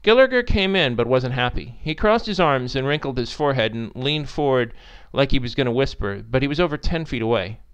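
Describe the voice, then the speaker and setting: A man narrating a story in an expressive, animated reading style. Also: mid-range voice, a little fast, clean tone, dull audio.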